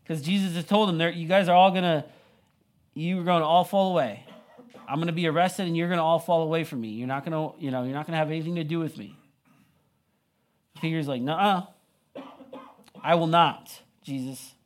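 A man's voice: a little high, fairly even intonation, quick pace, long pauses. A young man preaching a sermon, retelling the story in a casual, conversational way full of "like" and "you know". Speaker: pastor.

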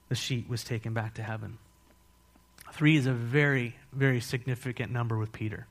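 A male pastor preaching a sermon, telling the story with lively rhetorical questions. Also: medium pitch.

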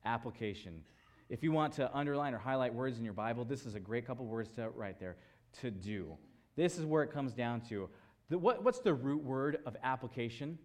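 A man delivers a sermon at an average pitch. He stresses his points with repetition and keeps returning to rhetorical questions. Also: lively intonation, a little fast, darkish tone. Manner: emphatic preaching with repeated phrases and rhetorical questions. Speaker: pastor.

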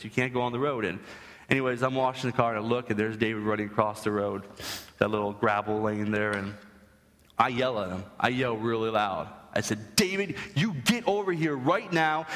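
A man's voice: medium pitch, fairly bright tone. A young adult man preaching a sermon as pastor, emphatic and rising to strong stress on key points. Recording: long hall reverb.

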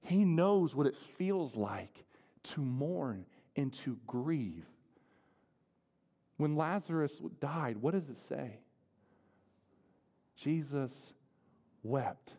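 Male pastor, fervent sermon delivery, lightly raised pitch, church hall reverb. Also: animated, slow pace. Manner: preaching with wide swings from loud to hushed. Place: church sanctuary.

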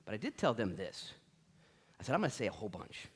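A middle-aged man preaches a sermon in a conversational way, breaking into acted-out exchanges. His pitch swings widely as he talks, rising high and dropping low. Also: big pitch swings, fast, slightly rough. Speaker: pastor.

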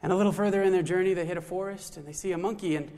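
A man's voice: high-pitched, steady tone, very fast, dark tone. A man casually retelling a folktale, loose and chatty with restarts and asides. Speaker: storyteller. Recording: long hall reverb.

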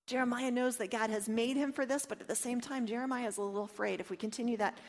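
A woman's voice: fairly high pitch, fairly even intonation, quick pace. A woman giving an earnest devotional teaching, mixing personal stories with scripture and voicing her own inner doubts. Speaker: Bible study teacher.

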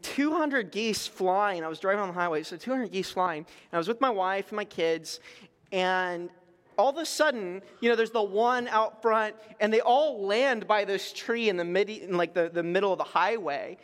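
A middle-aged male pastor with a high, light voice tells stories to his congregation. He is conversational and animated and pokes fun at himself. His voice rings out with the long reverb of a large church sanctuary. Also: moderate pace. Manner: conversational, animated storytelling with self-deprecating humor. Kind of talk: storytelling sermon.

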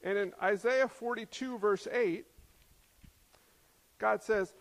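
A man's voice: sits high, measured pace, long pauses, long reverb tail. A man preaching a sermon as the pastor, talking conversationally and dropping in humorous asides.

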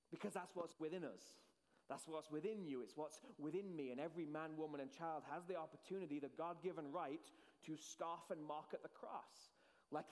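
A man delivers an earnest sermon with dramatic pauses. His voice sits high for a man. The sound rings out with the long reverb of a church hall. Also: darkish tone. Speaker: pastor.

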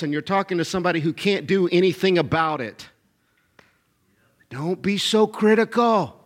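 High-voiced pastor preaching emphatically. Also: male voice, fairly bright tone. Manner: emphatic, repetitive, calls for audience responses. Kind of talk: sermon.

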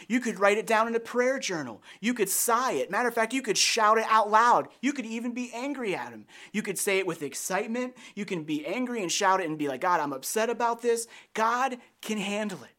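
A man's voice: high voice, a bit bright. Earnest male pastor preaching. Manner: earnest, conversational preaching with rising emphatic passages. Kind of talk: sermon.

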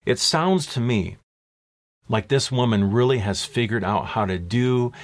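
A man preaching a sermon at an ordinary pitch, switching between reading scripture aloud and joking asides to the congregation. His delivery is relaxed and conversational. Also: measured pace. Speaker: pastor.

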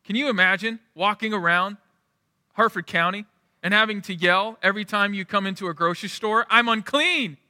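A middle-aged man preaching in a church, his voice high and strikingly bright. He talks to the congregation conversationally and keeps checking in with them. His words ring out with a long reverb tail from the hall. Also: fairly even intonation, a little fast, clean studio sound. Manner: conversational, asks the room "right?". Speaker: pastor. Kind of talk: sermon.

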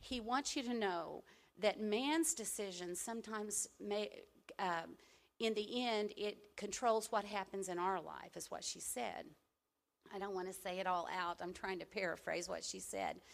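A middle-aged woman from the American Midwest preaching a sermon and telling a personal testimony, conversational, with loud emphatic bursts and soft asides. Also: mid-range voice, measured pace, creaky.

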